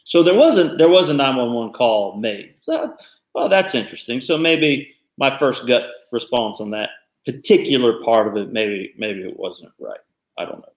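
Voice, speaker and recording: A man co-hosting a casual discussion, thinking aloud in a thoughtful, halting way with frequent restarts. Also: mid-range voice, lively intonation, reverberant. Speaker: podcast co-host.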